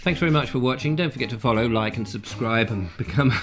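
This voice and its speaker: A man's voice: mid-range voice, quick pace, music in the background. A man hosting a casual cooking vlog in his kitchen, chatty and self-deprecating with a chuckle in his talk. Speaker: vlogger host. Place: home kitchen.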